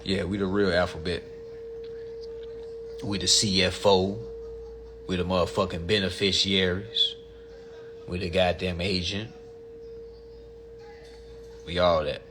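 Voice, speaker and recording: A man's voice: low voice, flat delivery, slow pace, long pauses, noisy background. A man hosting a casual livestream and answering viewer questions, blunt and profane, and often calling his listeners family.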